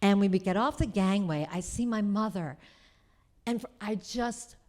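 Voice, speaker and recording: Woman storyteller, chatty, lots of "like", middle pitch, live on stage. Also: darkish tone. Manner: chatty, full of "like" and quick asides. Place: cultural center stage before an audience.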